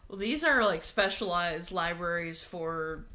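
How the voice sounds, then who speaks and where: On a relaxed livestream, a woman co-host talks in a fairly low voice with a bright, forceful tone. She speaks a little slowly, handing out practical advice in an easygoing, casual way and laughing often.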